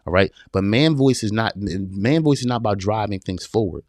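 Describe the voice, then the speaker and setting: A man with a low, dry voice hosts a live talk for men, repeating his points with emphasis like a preacher. He calls his listeners brother and answers viewer questions as they come in. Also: lively intonation, normal speed, darkish tone, no room sound. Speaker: podcast host.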